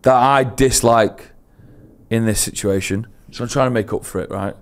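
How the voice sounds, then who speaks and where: A young man co-hosting a podcast, telling an embarrassing story in a casual chat, laughing at himself, his voice swinging between loud and hushed. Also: mid-range voice, moderate pace. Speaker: podcast co-host.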